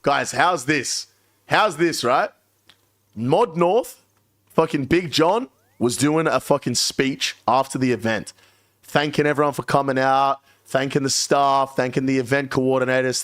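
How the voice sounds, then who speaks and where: A man's voice: medium pitch, measured pace, a bit bright, no room sound, studio quality. A young man chatting casually on a live stream, cursing freely and laughing as he tells stories. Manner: profane, laughing storyteller.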